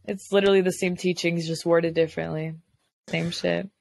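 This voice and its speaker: A woman's voice: on the low side, moderate pace, vocal fry, no echo. A woman telling a story in casual podcast chat, acting out both sides of a conversation with lots of "I was like.". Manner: animated retelling with quoted dialogue, frequent "I was like". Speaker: podcast guest. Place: lives in Florida.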